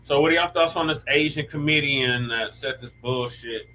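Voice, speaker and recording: A man in a casual panel discussion, matter-of-fact and quick to correct others. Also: mid-range voice, sharp tone, a little hiss or hum, rough recording.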